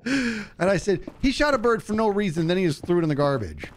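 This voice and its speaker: A man streaming a game, telling a story in a casual way and acting out the people in it with a higher voice, laughing often. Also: fairly quick, a little hiss or hum. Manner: animated, acts out quotes in a higher voice, laughs often. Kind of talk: casual storytelling while gaming.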